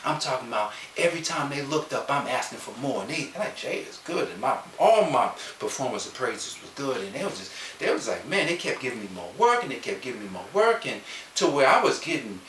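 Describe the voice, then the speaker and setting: A man tells a personal story as a motivational speaker, his bright voice rising and falling a lot as he keeps turning to his listeners with questions. He sounds set back from the mic in a roomy, echoing space, with a faint hiss underneath. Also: mid-range voice, brisk, recorded from a distance. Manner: lively, conversational, questions the listeners directly. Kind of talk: animated personal storytelling to an audience.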